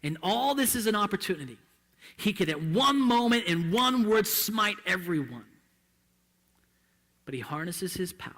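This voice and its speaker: A male pastor preaching a sermon in a church, impassioned and swinging between hushed and loud delivery. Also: sits high, sing-song, normal speed, pauses often, in a large hall.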